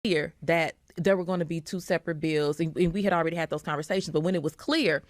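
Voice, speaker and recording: A woman's voice: sits low, fairly even intonation, quick pace, no echo, clean studio sound. Hesitant woman recounting events on a podcast. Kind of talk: casual podcast conversation.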